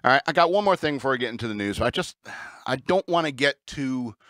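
A man hosting a comedic talk-radio show, telling a rambling, incredulous story with animated asides. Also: medium pitch, fast, no room sound.

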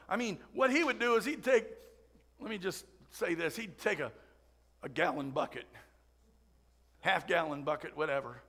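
A man's voice: sits high, gravelly, fairly bright tone. A man preaching a Sunday sermon in a church, chatty and full of asides and jokes. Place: church sanctuary.

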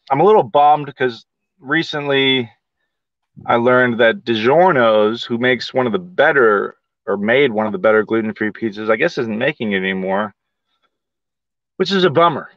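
A man's voice: medium pitch, dry recording. Casting: easygoing male co-host, rambling chat, muffled dry recording. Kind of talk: casual livestream chat.

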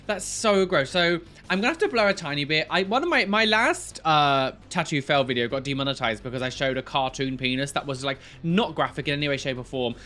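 Animated man reacting. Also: on the high side, fairly quick, hardly any pauses. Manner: animated, exclaiming, giggling, shocked outbursts. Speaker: YouTube host reacting to tattoo fails. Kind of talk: reaction commentary. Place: room in new home.

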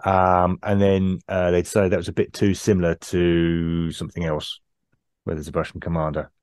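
A man co-hosting a casual podcast chat, talking with frequent ums and pauses and laughing easily. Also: low voice, level tone, darkish tone, clear, resonant tone, no echo. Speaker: podcast host.

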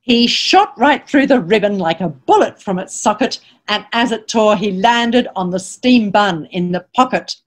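A woman, a children's author, reading a picture book aloud to children as an animated storyteller, reciting rhyming verse and asking her listeners questions. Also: mid-range voice, normal speed, few pauses. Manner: reads rhyming verse in lively sing-song.

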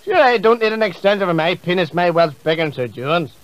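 A man with a Northern Irish accent voicing a boastful, crude politician who answers deadpan. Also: high-pitched, brisk. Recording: muffled comedy CD.

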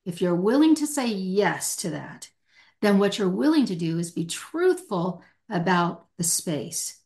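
A middle-aged woman speaking with passion and emphasis in a podcast interview. She drives her points home and acts out what people say to themselves, her voice sitting at an ordinary pitch. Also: very animated, unhurried, a little mellow. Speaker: hostage negotiator, podcast guest.

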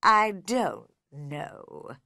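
Woman voicing a drowsy grumpy caterpillar, low-pitched, drawn-out words, curt, storybook reading, dry sound. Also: very animated, vocal fry, bright, forceful tone, no echo, exaggerated voice. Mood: sleepy, curt. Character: slow sleepy unfriendly male caterpillar smoking a pipe.

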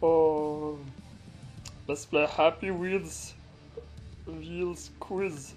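A man's voice: a little high, steady tone, extremely slow, darkish tone, faint music behind. A guy putting on a Russian Vladimir. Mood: excitable. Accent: put-on Russian accent. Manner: swears a lot, laughs and yelps at crashes. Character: loud Russian guy Vladimir, crude and excitable. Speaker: gameplay commentator. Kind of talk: comic game commentary in character.

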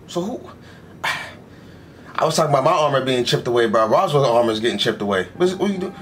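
A young man gives a casual anime reaction full of slang, talking back to what's on screen and constantly saying "bro." He speaks fast and animatedly in a mid-range voice over background noise.

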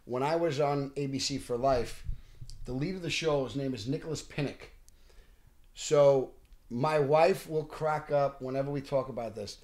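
A middle-aged man, an actor telling animated stories on a podcast. He often restarts sentences and acts out what people said. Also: mid-range voice, normal speed. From Bensonhurst, Brooklyn, New York. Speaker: actor guest. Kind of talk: casual podcast storytelling.

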